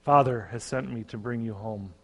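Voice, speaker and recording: A man plays a calm eldest brother speaking softly and patiently. The low-key voice sits in a long reverb. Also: moderate pace. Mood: gentle. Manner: soft-spoken, gentle.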